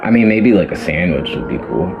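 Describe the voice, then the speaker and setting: A man guest in a comedy podcast, wry and rambling with deadpan complaints. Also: sits low, a little fast, gravelly, dull audio. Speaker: podcast guest, host's brother. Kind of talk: comedy sketch and casual chat. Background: background music.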